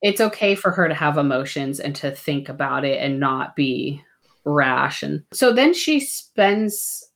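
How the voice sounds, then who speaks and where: A woman's voice: sits low, animated, a little slow. A woman casually discussing a book with a co-host, explaining why the characters act as they do. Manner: reflective, explains characters' motives.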